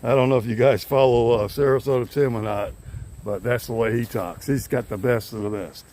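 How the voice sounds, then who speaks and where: A man's voice: mid-range voice, fairly even intonation, fairly quick, a little mellow, slight background noise. Older man rambling outdoors. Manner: rambling, easygoing, chuckles often. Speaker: vlogger. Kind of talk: casual chat to camera. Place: outdoors in his yard. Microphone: handheld phone camera.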